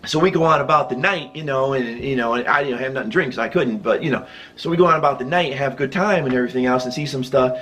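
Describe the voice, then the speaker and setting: A man's voice: medium pitch, fast talker, fairly bright tone, slight background noise. A man hosting his own vlog, telling a loose, rambling story and chuckling often as he goes. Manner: loose and rambling, with many restarts and fillers. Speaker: channel host.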